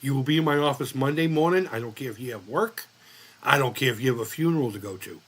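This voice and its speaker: A man's voice: medium pitch, quick pace, a bit bright, husky. A man voicing a stern male doctor who scolds his patient in a formal, clipped, commanding way.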